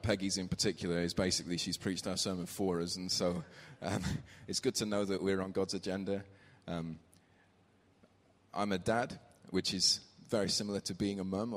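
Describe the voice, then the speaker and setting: A man giving a conversational sermon in church, telling a family story and reading scripture aloud. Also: deep voice. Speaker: preacher. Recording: reverberant church hall.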